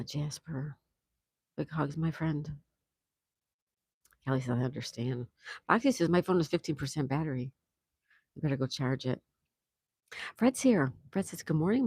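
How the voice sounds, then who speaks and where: Low-voiced woman hosting a casual livestream. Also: moderate pace, long pauses, darkish tone, slightly rough, dry recording. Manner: reads viewer comments aloud, chatty and affectionate. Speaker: livestream host.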